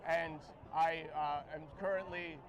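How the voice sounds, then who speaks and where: A man's voice: a little high, steady tone, unhurried. A man trolling at a street protest with sarcastic, mock-serious remarks. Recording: crowd noise outdoors. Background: protest crowd.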